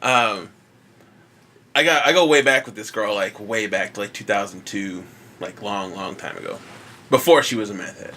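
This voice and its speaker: A man's voice: fairly low pitch, moderate pace, sharp tone, slight background noise. A man hosting a podcast, telling a story in casual chat, laid-back, swearing often and laughing. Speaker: podcast host.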